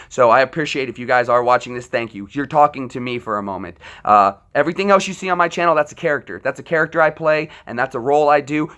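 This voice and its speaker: A man's voice: mid-range voice, a bit bright. A man who is a military veteran, ranting on a livestream in an impassioned, profane and rambling way, often restarting his sentences. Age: adult military veteran. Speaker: livestream host.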